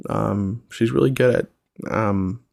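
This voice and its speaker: A man's voice: fairly low pitch, slow, creaky, a little mellow, no echo, clean studio sound. A young man hosting a podcast, talking in a reflective, rambling way with lots of fillers. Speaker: podcast host. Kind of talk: casual solo podcast chat.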